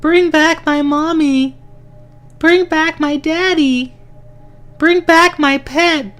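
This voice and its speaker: A man's voice: steady tone, slow, fairly bright tone, soft background music, exaggerated voice. A man voicing a crowd of maimed ghost children who scream and demand their lost families back. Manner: shrill screaming.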